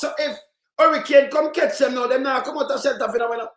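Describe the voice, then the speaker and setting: A Jamaican man in heated live commentary, ranting and shouting in patois, circling back to the same complaints. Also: very high-pitched, fast, echoey room. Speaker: livestream commentator.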